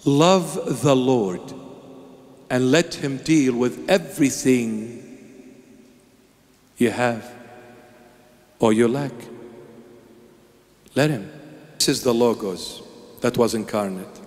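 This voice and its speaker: A man's voice: medium pitch, takes it slowly, pauses often, darkish tone. A man delivering an emphatic, theatrical sermon as a preacher. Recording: long echoing reverb.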